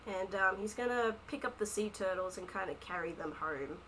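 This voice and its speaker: A woman's voice: medium pitch, lively intonation, moderate pace, a bit bright, poor audio. Hesitant woman game master narrating a tabletop session over faint hiss. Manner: hesitant, with frequent fillers.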